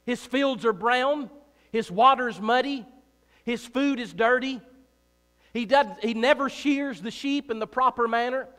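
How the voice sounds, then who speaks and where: Man, pastor, high voice, emphatic sermon delivery, repeats himself, reverberant church hall. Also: unhurried. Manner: emphatic, repeats phrases, swings between loud and soft; joking asides to the congregation. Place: church sanctuary.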